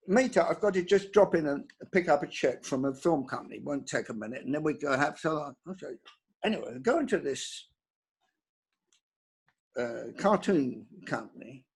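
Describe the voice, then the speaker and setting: An older man, a composer, telling career anecdotes in an interview with a halting, restarting delivery. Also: on the high side, vocal fry, slightly rough. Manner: halting, restarts words often, lively storytelling.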